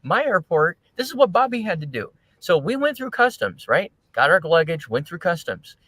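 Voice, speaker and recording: A man's voice: sits high, big pitch swings, normal speed, fairly bright tone, no room sound, poor audio. A man co-hosting a livestream, chatting casually and retelling stories, often quoting other people. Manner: chatty, quotes people while telling stories. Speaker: livestream co-host. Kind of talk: casual chat.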